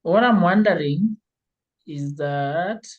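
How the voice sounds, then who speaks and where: Slow chill teacher on a zoom call, laughs a lot. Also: medium pitch, phone-quality sound. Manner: patient, slow, laughs often. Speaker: Swahili teacher. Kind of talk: online language class. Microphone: video call.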